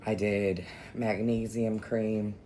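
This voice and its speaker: A young adult woman vlogs casually, telling a story candidly and emotionally, venting with some swearing. Her voice is extremely low, level, slow, and mellow, with slight background noise.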